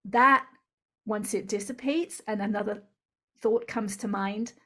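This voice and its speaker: A woman's voice: medium pitch, measured pace, bright, forceful tone. A woman with a mid-range voice speaks as an interview guest, earnest and instructive. She explains step by step and keeps tagging her points with "right?".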